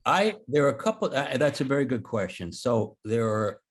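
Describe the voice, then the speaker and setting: A man's voice: medium pitch, big pitch swings, moderate pace. A man in his sixties, a guest in an interview, telling candid stories with blunt language and self-deprecating humor. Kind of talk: candid conversational storytelling.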